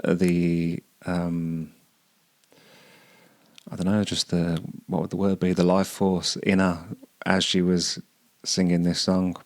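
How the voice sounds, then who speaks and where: A man hosting a podcast, musing over song lyrics and often pausing to search for words. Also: sits low, flat delivery, no echo. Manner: hesitant, searching for words, many restarts. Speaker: podcast host.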